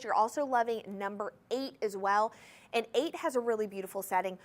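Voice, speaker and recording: Gushing woman hosting home shopping. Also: high voice. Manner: enthusiastic, gushing, talks straight to viewers. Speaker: shopping TV host. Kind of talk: live home-shopping sales pitch. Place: TV studio.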